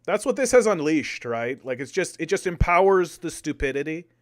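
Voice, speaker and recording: A young man doing casual live-stream political commentary, animated, repeating words and arguing with his chat. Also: fairly high pitch, moderate pace. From Canada.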